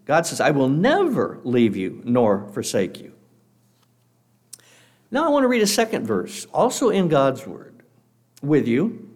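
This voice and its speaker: Guy preaching a sermon, earnest, pitch all over the place, slows down for scripture. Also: huge pitch swings, darkish tone. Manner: measured, earnest, reads scripture slowly; guest speaker addressing a congregation.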